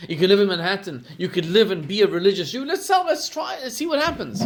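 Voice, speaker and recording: A man, a rabbi giving a storytelling sermon who acts out the quotes with lively rises in pitch and volume. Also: quick pace, a little hiss or hum.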